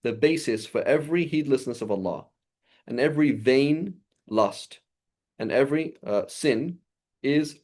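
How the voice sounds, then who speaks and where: A man's voice: mid-range voice, animated, a little slow, darkish tone. A man giving an informal religious lesson, talking loosely and often checking in with his listeners. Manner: conversational, often checks in with "right?"; recites Arabic passages fluently. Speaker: religious teacher.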